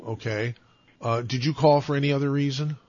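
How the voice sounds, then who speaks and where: A man's voice: mid-range voice, steady tone, brisk, darkish tone, slight background noise. Fumbling, jokey male radio host. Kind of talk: call-in radio chat. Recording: slightly dull, lo-fi sound.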